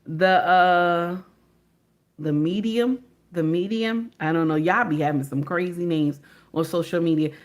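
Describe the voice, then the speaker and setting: A woman's voice: lowish voice, a little slow. A middle-aged woman hosting a reaction livestream, speaking casually in slangy, emphatic speech and repeating her points.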